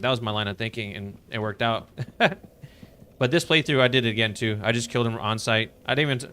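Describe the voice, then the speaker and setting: A man's voice: medium pitch, steady tone, brisk, sharp tone, clear, resonant tone. A man streaming a game live, chatting casually with viewers and greeting them with upbeat enthusiasm. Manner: laid-back, greets chat members with upbeat enthusiasm. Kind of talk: casual live-stream chat while playing.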